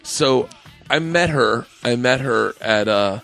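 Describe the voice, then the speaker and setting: A young man telling a long story as a podcast guest, rambling and animated with bursts of loud laughter. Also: mid-range voice, slow, gravelly, soft background music. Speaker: comedian guest.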